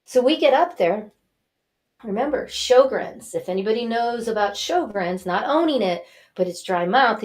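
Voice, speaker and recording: An older woman, a talk show guest, telling a personal story in a lively, animated way and acting out what people said. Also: medium pitch. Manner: animated, acts out quotes and cries. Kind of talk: casual storytelling.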